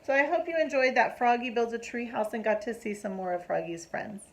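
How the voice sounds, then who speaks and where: A woman reading a picture book aloud to children in an animated way, stopping to ask them questions. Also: fairly high pitch, fairly quick, a little hiss or hum, rough recording.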